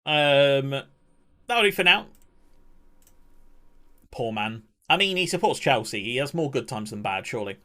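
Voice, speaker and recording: A man's voice: medium pitch, expressive, measured pace, long pauses, pushed and bright. A young man, chatting casually on a live stream, laughing often and ranting in mock outrage.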